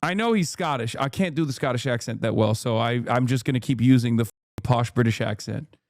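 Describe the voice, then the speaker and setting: A man's voice: mid-range voice, a little mellow, dry recording, studio quality. Sarcastic American man ranting on stream. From United States. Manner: sarcastic, fast, profane ranting. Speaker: streamer, political commentator. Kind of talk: live stream political commentary.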